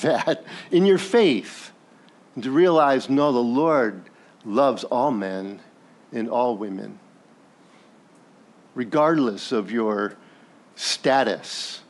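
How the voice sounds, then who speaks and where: A male pastor preaching a sermon in a conversational, animated way, asking the congregation questions and briefly acting out characters from the story. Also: medium pitch, slow, pauses often. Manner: animated, acts out biblical characters in passing.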